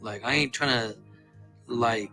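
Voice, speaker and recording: Puzzled man commenting, bright voice. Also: mid-range voice, takes it slowly, soft background music, low-quality recording. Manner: puzzled, questioning. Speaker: commentator in a played clip. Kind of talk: casual commentary.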